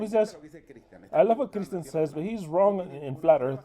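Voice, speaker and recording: High-voiced man interpreting a sermon, scolding. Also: animated, moderate pace, mellow. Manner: crude, scolding and emphatic. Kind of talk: English voice-over interpretation of a sermon.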